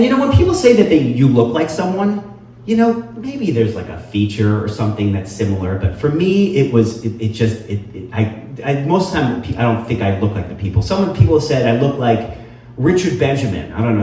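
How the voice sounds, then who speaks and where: A man's voice: mid-range voice, warm tone, recorded from a distance. A middle-aged man hosting a live storytelling show, rambling with many fillers and self-deprecating humor. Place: live venue with audience. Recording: echoey room heard from afar, faint noise.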